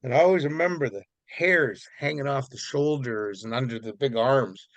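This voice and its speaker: A man's voice: medium pitch, normal speed, dry recording. A man from Vancouver Island, Canada, telling a story in a casual, rambling way as an interview guest. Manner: rambling, relaxed, many fillers.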